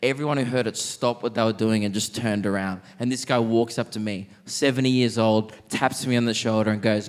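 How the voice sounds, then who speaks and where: A man's voice: mid-range voice, noisy background. Young man telling stand-up stories. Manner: animated, acts out characters with quick voice shifts. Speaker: stand-up comedian. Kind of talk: stand-up comedy storytelling. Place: large theatre stage.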